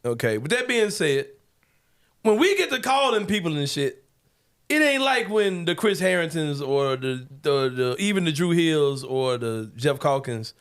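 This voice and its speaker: A man from Memphis with a Memphis Southern accent, hosting a casual podcast chat in an animated, joking, slangy way. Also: a little high, unhurried, smooth. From Memphis, Tennessee. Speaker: host.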